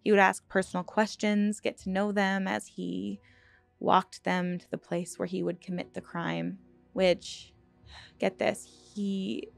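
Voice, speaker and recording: A woman hosting a true crime channel, telling a dark case in a casual, earnest way with asides and fillers, sometimes choked up. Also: medium pitch, creaky, no echo. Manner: earnest, emotional, choked up at times; conversational with many fillers and restarts.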